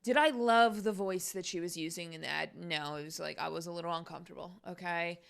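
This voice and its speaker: A woman's voice: fairly low pitch, brisk, vocal fry, clean tone. A young adult woman hosting her own podcast, talking in a casual, exasperated rant full of fillers and sarcasm. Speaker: podcast host.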